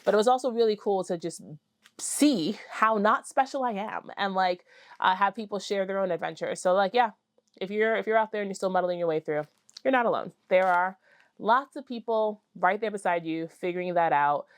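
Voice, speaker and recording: A woman vlogging about her spinning project in a casual, excitable way, full of fillers and little squeals of delight. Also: mid-range voice, normal speed, no echo. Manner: excitable, gushing, apologizes for screaming; chatty with many fillers. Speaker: fiber arts vlogger. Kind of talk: casual chat to camera.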